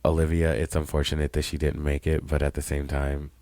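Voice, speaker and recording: A man's voice: extremely low pitch, monotone, brisk, dark tone, dry recording. A man co-hosting a casual podcast, blunt, profane and opinionated as he chats. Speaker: podcast co-host. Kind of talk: casual chat.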